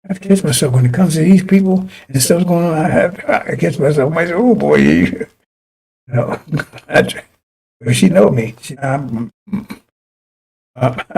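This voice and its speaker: A man's voice: on the high side, animated, measured pace, gravelly, pauses often, a little mellow, slightly rough. A man preaching a broadcast sermon in a fiery, rambling way, often repeating and restarting his phrases.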